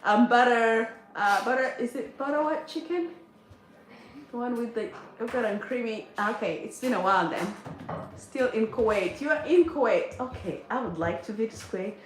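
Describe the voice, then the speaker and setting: High-voiced chatty mom in echoey kitchen. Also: female voice, moderate pace. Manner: chatty, reads viewer comments aloud, frequent laughs. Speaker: livestream host, mother of a large family. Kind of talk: casual livestream chat while cooking. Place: home kitchen. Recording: echoey kitchen with faint noise.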